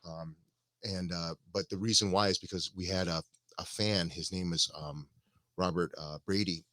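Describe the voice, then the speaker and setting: A man talking as a guest in a relaxed live-stream interview, loose and halting, with many fillers and restarts. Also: deep voice, dry recording. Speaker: musician guest.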